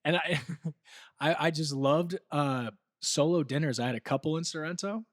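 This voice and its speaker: A young American man co-hosting a podcast, telling stories in a casual, laughing, animated way. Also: a little high, moderate pace, no room sound, studio quality. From United States. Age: young adult. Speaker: co-host.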